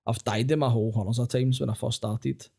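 A man's voice: medium pitch, fairly even intonation, fast, creaky, mellow, husky. A young Glaswegian man, a stand-up comedian, telling sweary stories in casual podcast chat and laughing often. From Scotland.

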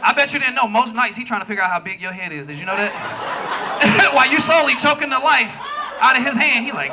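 A man doing a stand-up comedy set on a club stage, loud and profane, acting out his partners in quick voices. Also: very high voice, expressive, very noisy. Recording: live club with loud crowd laughter.

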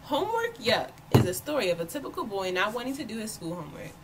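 A woman volunteer reading a children's picture book aloud with expressive storytelling. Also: mid-range voice, fast talker, very noisy. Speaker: volunteer reader.

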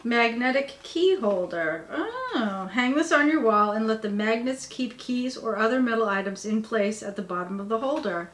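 A woman's voice: fairly high pitch, lively intonation, normal speed, few pauses, a bit bright, slight background noise. A tired woman rambling and gushing as she unboxes cute merchandise at her home workspace. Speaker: vlogger. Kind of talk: casual unboxing chat. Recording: echoey room with faint ambience.

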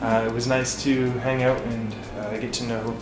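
A man's voice: medium pitch, flat delivery, normal speed. Man, vlog co-host, chatty, upbeat, roomy kitchen, music playing behind. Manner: chatty, upbeat, addresses viewers directly. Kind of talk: casual vlog chat. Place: home kitchen. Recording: roomy home recording with background music.

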